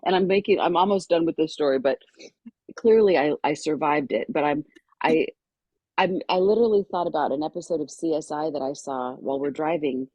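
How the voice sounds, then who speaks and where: Woman, middle-aged, husky, dry close sound, animated storytelling. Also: low-pitched, brisk, no room sound, lo-fi sound. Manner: lively storyteller who acts out quoted voices. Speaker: podcast guest.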